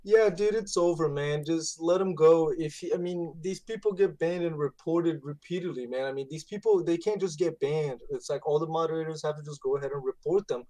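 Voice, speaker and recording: A man who moderates a streamer's channel, chatting on a live stream in an emphatic, animated way. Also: on the high side, a little fast, few pauses, no room sound. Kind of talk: casual live-stream chat.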